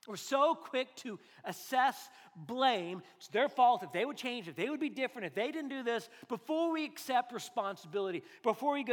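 A pastor with a notably high voice preaches a sermon in a loose, joking, conversational way, slipping into other people's voices to make his points. His voice rings out in a church sanctuary with a long, lingering hall reverb. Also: lively intonation, moderate pace. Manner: joking, conversational, acts out quotes.

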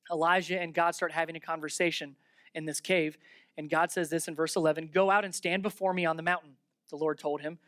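Animated pastor preaching a sermon. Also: medium pitch, no echo, clean studio sound. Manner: animated, emphatic teaching with rhetorical questions.

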